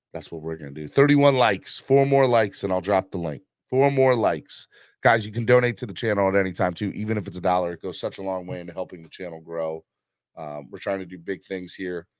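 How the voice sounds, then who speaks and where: A man with a low voice hosts a casual live-stream sports chat. He is hyped and rambles with plenty of fillers while he urges viewers to like and donate. The sound is dry, with no room echo. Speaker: livestream host.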